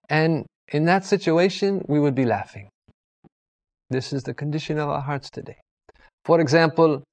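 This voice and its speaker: A man's voice: fairly high pitch, a little mellow. Earnest man preaching a sermon. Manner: earnest, repetitive, with pious formulas.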